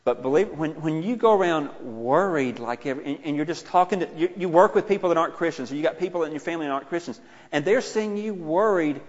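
Middle-aged male preacher, fairly high voice, chatty and self-mocking, then loud; long echo in a church hall. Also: animated, quick pace. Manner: conversational, self-deprecating, rising to loud exclaiming. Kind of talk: sermon. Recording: muffled, with a long hall reverb.

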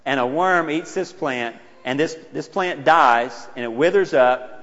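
A man's voice: fairly high pitch, unhurried. Middle-aged man preaching in a reverberant hall. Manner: conversational, self-deprecating, rising to loud exclaiming. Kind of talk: sermon. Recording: muffled, with a long hall reverb.

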